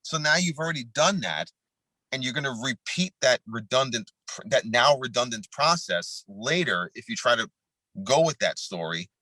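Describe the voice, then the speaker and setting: A man who grew up in New York, talking in a steady middle register as a podcast co-host. He rants bluntly and swears freely. The sound is dry and close, with no room around it. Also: mid-range voice, moderate pace, no echo, poor audio. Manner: blunt, profane, rants with film and game detail. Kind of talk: casual chat.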